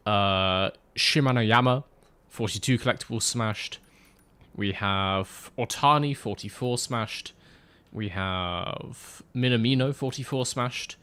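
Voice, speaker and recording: A man with a medium-pitched, sharp voice and no room sound streams a driving game, chatting rambly with his audience on a close desk mic and replying to chat with tangents.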